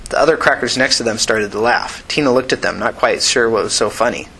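A man reading a story aloud in a steady, even way. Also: medium pitch, a little fast, vocal fry, few pauses, a little hiss or hum, rough recording. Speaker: narrator. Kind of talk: audiobook reading.

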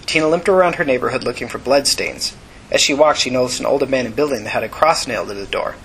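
A male narrator reading a novel aloud at an even, steady pace. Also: medium pitch, fast, slight background noise, rough recording. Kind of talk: audiobook narration.

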